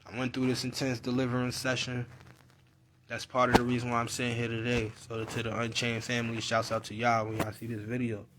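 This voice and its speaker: A man's voice: mid-range voice, a little fast, background noise. A young man telling a personal story in a live video, in slangy casual speech, acting out his relatives' voices. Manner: animated storyteller, acts out family voices.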